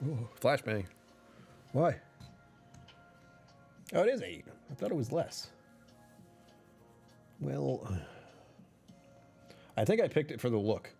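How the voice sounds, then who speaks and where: A man's voice: medium pitch, sing-song, takes it slowly, gravelly, pauses often, darkish tone, soft background music. A man chatting casually on a livestream, rambling and correcting himself, often laughing mid-sentence.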